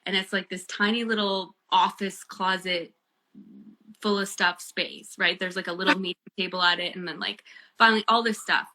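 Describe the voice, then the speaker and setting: A woman, a guest and bereaved mother, telling a personal story in casual chat, earnest and animated with many fillers. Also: mid-range voice, normal speed. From Canada.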